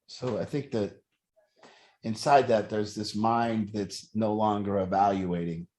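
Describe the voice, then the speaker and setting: A man's voice: on the low side, steady tone, measured pace, a little mellow. A middle-aged man leading a group, talking earnestly and working through his thoughts with repeated rhetorical questions. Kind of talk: reflective group talk.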